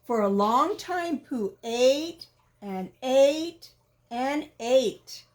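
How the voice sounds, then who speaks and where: Brief: woman reading a picture book aloud, unhurried and sing-song. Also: high-pitched. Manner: animated, asks the listener questions. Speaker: storyteller reading to children. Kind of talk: children's storybook read-aloud.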